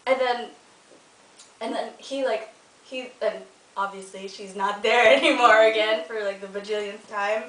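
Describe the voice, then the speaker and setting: Her voice is on the high side, fairly bright and steady, and she keeps a measured pace. The young woman from the Philippines giggles and chats through a casual ghost story, restarting often and saying "like" a lot, recorded from afar in an echoey room with faint noise.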